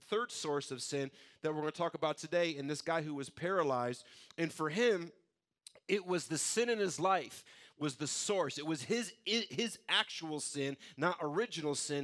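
A man's voice: a little high, a bit bright. A male pastor, preaching a conversational sermon full of restarts and repeated words.

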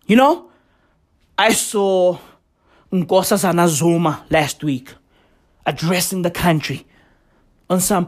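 A woman delivering a profane, sarcastic comedic rant full of slang and mock gratitude. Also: mid-range voice. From South Africa. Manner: profane, slangy, mock-grateful, drawn-out emphasis.

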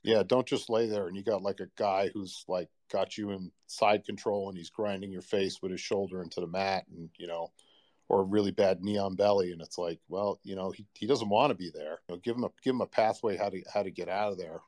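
A man with a low, fairly steady voice, a bit quick and slightly mellow, tells a personal story as a guest on a podcast. His telling is loose and rambling, full of fillers, in the style of a casual podcast conversation.

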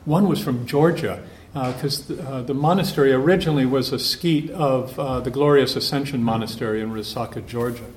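Priest talking in an echoey room. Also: male voice, medium pitch, a little fast. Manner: relaxed, anecdotal, thinking aloud. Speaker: priest giving a conference talk. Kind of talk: conversational retreat talk to a group. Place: meeting room with a group. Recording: echoey room, faint background hum.

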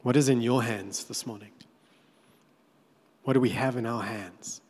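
A man preaching a sermon, telling the story with animated, playful asides. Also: mid-range voice, measured pace, breathy edge. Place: church hall. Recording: echoey church hall.

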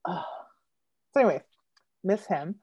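A giggly, animated woman in her thirties, a poet guest chatting on a video call. Her voice sits a little low and sounds dull and lo-fi. The room is dry, with no echo. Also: normal speed. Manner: giggly, animated, laughs often. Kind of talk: casual storytelling chat.

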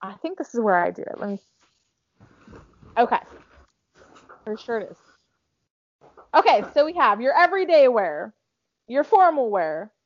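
Chatty Southern woman, lively voice. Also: fairly high pitch, normal speed, long pauses, dull audio. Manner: chatty, lots of "like" and self-talk. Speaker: podcast co-host. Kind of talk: casual chat.

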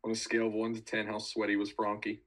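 A man's voice: on the low side, monotone, quick pace, a bit bright, rough recording. A young man who coaches and co-hosts a podcast, telling stories in an easygoing way and laughing often. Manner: easygoing, laughs often, laid-back storytelling. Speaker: podcast co-host, recruiting coach. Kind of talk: casual sports chat.

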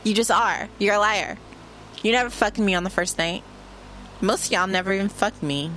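A woman rants casually from her room, boastful and brash, teasing and cursing as she goes. Her voice sits at an everyday middle pitch. A faint hiss of noise sits under the recording. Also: normal speed, fairly bright tone. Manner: brash, boastful, playful trash talk with bursts of laughter. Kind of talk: casual profane monologue.

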